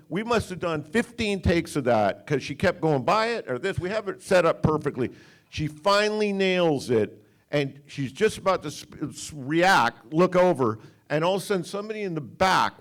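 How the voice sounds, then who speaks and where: A man's voice: on the high side, expressive, normal speed. Rambling man telling stories on stage. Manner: rambling anecdotes with restarts. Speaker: film director at a Q&A. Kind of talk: storytelling on stage. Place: cinema stage.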